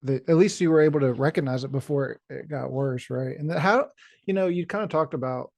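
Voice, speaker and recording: A man's voice: fairly high pitch, brisk, gravelly, a little mellow, no echo, clean studio sound. A man hosting a podcast interview, asking supportive, searching questions full of fillers. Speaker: podcast host.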